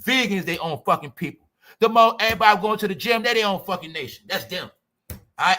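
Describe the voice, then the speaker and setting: A man's voice: a little high, sharp tone. A man hosting his own channel, delivering profane, combative commentary to a live chat and peppering it with rhetorical questions. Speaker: channel host.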